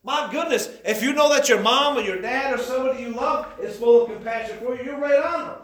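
A man preaching a sermon, building into shouted emphasis. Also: very high-pitched, brisk. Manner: impassioned, rising to shouts. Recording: echoey church room.

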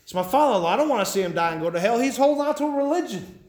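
Preaching very fast and expressively, this fiery pastor has a high voice for a man, though darkish in tone, echoing around a roomy hall. His sermon to the church pleads and warns in a folksy drawl.

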